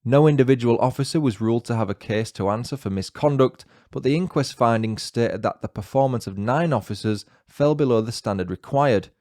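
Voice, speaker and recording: A man with a northern English accent hosting a podcast, narrating in a measured, scripted way with dry, wry asides. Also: mid-range voice, a little mellow, no echo. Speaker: podcast host. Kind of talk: scripted true-crime narration.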